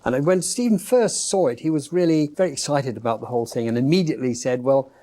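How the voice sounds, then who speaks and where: A man's voice: mid-range voice, lively intonation, fast, dark tone, a little hiss or hum. A man, a prop designer, explaining his work in a documentary interview, speaking measuredly with many hesitations.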